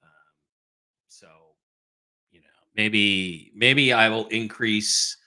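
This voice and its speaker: A man hosts a casual livestream, his voice bright and forceful. He answers viewer questions flatly and dismissively. His level dips whenever he pulls back from the desk microphone. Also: lowish voice, extremely slow. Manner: blunt, dismissive, thinks aloud while fiddling with mic settings. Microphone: desk microphone whose level drops as he moves away.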